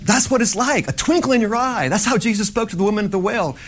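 Middle-aged male preacher, slightly high voice, chatty sermon that swells into fervent emphasis. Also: fast talker. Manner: conversational, rising to fervent emphasis. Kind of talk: informal sermon.

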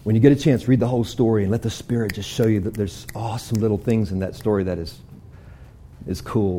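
A man preaching a sermon, retelling a story with animated energy and closing in soft prayer. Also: lowish voice, fast, a little hiss or hum. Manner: animated storytelling, prays softly at the end.

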